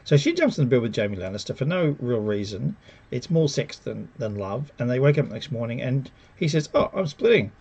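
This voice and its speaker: A man giving a casual, sarcastic spoken review, animated and mocking the characters as he retells scenes. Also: mid-range voice, a little fast, breathy edge, lo-fi sound. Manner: animated, sarcastic, mocks characters with put-on quotes. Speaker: TV show reviewer.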